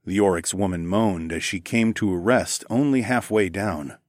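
A man narrating a first-person erotic audiobook in a low, intimate, unhurried way. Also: no room sound, studio quality.

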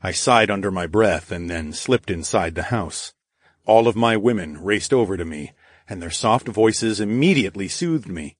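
A man narrating a first-person audiobook in a steady, measured way. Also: low-pitched, dry recording, studio quality.

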